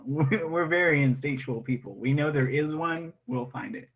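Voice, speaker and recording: A man's voice: on the high side, normal speed, lo-fi sound. A man playing a tabletop game with friends, chatting casually and joking around. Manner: laughing, joking. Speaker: player. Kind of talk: casual gaming chat.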